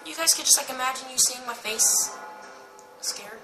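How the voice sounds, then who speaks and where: A woman's voice: high-pitched, moderate pace, rough recording. A woman hosting a horror game let's play, jumpy and panicky, swearing and talking to her viewers. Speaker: gaming channel host. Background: game music.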